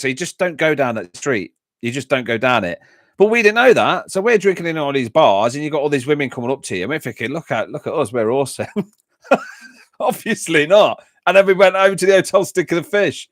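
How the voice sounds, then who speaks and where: A man's voice: on the high side, sing-song, brisk, fairly bright tone, dry recording, studio quality. A middle-aged man with an English Midlands accent, chatting casually on a livestream, reading out comments and rambling through anecdotes with frequent laughs. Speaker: YouTube channel host.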